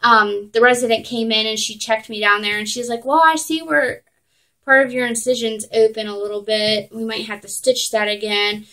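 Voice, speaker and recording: Young mom vlogging at home, kinda high voice, lots of like and um. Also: female voice, flat delivery, bright, forceful tone, rough recording. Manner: chatty, lots of "like" and "um", quick laughs. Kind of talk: casual storytelling to camera.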